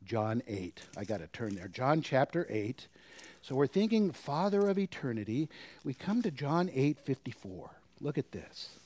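A man preaching a sermon, asking the congregation rhetorical questions and swinging between forceful emphasis and hushed whispers. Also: medium pitch, sing-song, unhurried. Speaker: pastor.

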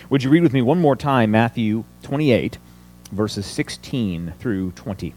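Animated male preacher with lively pitch. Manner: animated teaching with rhetorical questions. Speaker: pastor. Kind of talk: sermon.

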